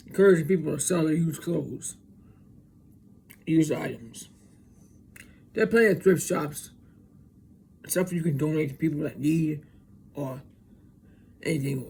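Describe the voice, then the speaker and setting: A man's voice: a little high, creaky, a little hiss or hum. A man hosting his own podcast, ranting in a rambling, profane, suspicious monologue full of stammered restarts. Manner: profane, conspiratorial, halting with restarts. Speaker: podcast host.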